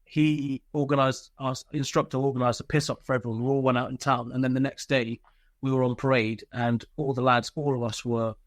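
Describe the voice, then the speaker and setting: A man's voice: medium pitch, little pitch movement, brisk, no room sound. A man, telling candid stories from army life as an interview guest, swearing freely and laughing through them. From Britain. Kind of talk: casual interview storytelling.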